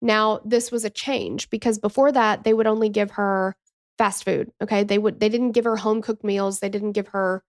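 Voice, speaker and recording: A woman's voice: medium pitch, steady tone, moderate pace, no room sound, clean studio sound. A woman in her thirties hosting a true crime podcast, telling the story in a chatty, emotional way with asides and acted-out quotes. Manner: acts out quoted people in a shifting voice.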